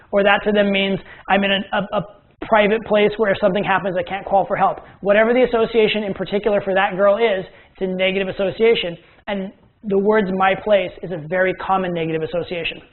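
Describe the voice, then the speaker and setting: A man teaching a recorded course lecture as a dating coach, chatty and often checking in with "right?" and "okay?". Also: sits high. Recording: tinny phone-like lo-fi sound.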